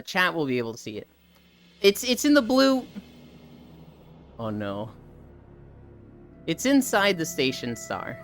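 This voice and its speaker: A livestreamer chatting casually with viewers, with a very lively pitch that swings up and down. They act out stories, voice the quoted friends and drop in playful curses and laughs. Faint music plays underneath. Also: clear, resonant tone. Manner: animated storytelling, acting out quoted friends, laughs often; casual, swears, quips. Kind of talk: casual chat with stream viewers.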